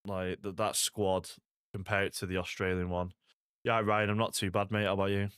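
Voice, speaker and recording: Young man, very low voice, dry close sound, laid-back gaming chatter. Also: flat delivery, normal speed, a bit bright, clear, resonant tone, dry recording. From Salford, England. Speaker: streamer. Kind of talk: casual gaming stream chat.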